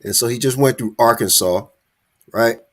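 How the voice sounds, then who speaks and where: A man hosting a casual podcast, commenting on a video with excitement, laughing often and calling out "hey" and "look". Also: medium pitch, moderate pace. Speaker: podcast host.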